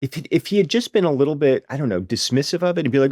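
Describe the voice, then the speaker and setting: Animated man telling a comic story. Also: a little high, racing, dry recording, clean studio sound. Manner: animated, stammering restarts, mock-earnest. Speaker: podcast co-host. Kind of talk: comic storytelling in casual chat.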